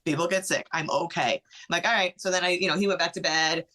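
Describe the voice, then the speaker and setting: A middle-aged woman, a podcast guest, tells a personal story in an animated way, acting out what others said, with many "like" fillers. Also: on the low side, quick pace.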